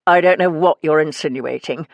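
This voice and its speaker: A man's voice: on the high side, normal speed, creaky, no echo. A woman voicing a cold, hostile middle-aged male antiques dealer who talks down with a sneering, condescending manner, in an audiobook. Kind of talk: audiobook character reading.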